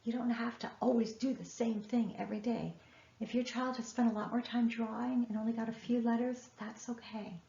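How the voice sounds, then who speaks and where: A woman's voice: fairly high pitch, steady tone, a little fast, creaky, dark tone. A woman, a writing educator, giving a masterclass lecture with earnest, emphatic advice to parents. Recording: echoey room, dull lo-fi sound.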